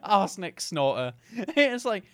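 A man co-hosting a podcast in casual chat, joking and breaking into loud laughter. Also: sits high, very animated, unhurried, no echo, clean studio sound. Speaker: podcast co-host.

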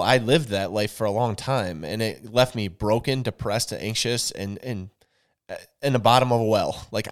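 A man, co-hosting a podcast in casual talk, earnest and emphatic, repeating words to drive a point home. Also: fairly low pitch. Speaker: podcast co-host.

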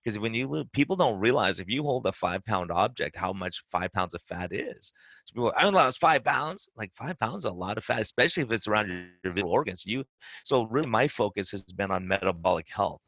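Fast-talking gravelly man. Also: fairly low pitch, dry recording. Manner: animated storyteller acting out clients' words. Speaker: podcast host and weight-loss coach. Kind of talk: casual podcast conversation.

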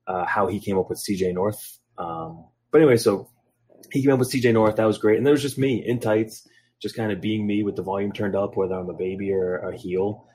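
Low husky-voiced man telling stories. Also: darkish tone. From Philadelphia, USA. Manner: rambling, frequent ums, acts out quotes. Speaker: podcast guest, wrestler. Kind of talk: casual storytelling interview.

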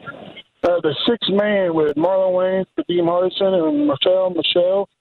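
A man from Indiana calling in to a radio show, eager and loud. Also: high voice, animated, a little slow, gravelly. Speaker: caller. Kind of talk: radio call-in. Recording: tinny phone line.

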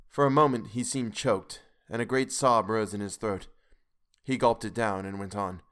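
Male podcast reader, measured and grave, classic novel narration. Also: fairly low pitch, steady tone, fairly bright tone. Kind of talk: audiobook narration.

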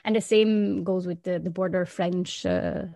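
A woman from Flanders, a Dutch speaker, chatting lively as a podcast co-host, laughing often and restarting sentences. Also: on the low side, unhurried, creaky, no room sound. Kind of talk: casual explanatory chat.

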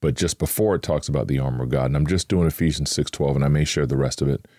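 A man's voice: very deep voice, fast, a little mellow, no room sound, clean studio sound. A man hosting a Christian podcast, giving informal, earnest devotional teaching with emphatic asides and acted-out worried inner voices.

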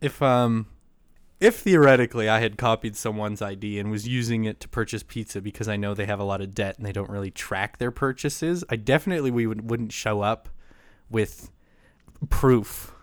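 Speaking at normal speed with a fairly low pitch and clean tone, a man co-hosts a podcast and spins a laid-back story full of swearing and frequent laughter. The studio sound is clean, with no room sound.

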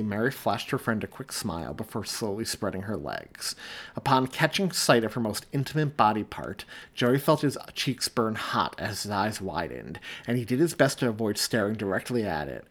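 A man, the author, reading his own story aloud in a measured, expressive audiobook narration. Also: on the low side.

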